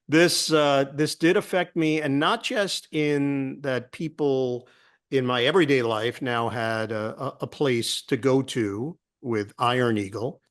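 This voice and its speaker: A middle-aged man, a sportscaster guest, telling a story in a casual interview and acting out the voices of people he quotes. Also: medium pitch. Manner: animated storyteller who acts out quoted voices.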